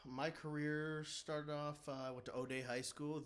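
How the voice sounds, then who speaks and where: A man speaking as a podcast co-host in casual chat, laid-back and joking, often pausing with ums and uhs. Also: fairly high pitch, flat delivery, a bit bright, clean tone. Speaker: podcast co-host and former baseball player.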